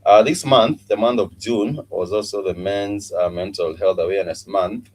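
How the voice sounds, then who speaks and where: A man's voice: fairly low pitch, moderate pace, a little mellow, poor audio. A man hosting a live-streamed Swahili lesson, talking casually with many fillers and repeated words.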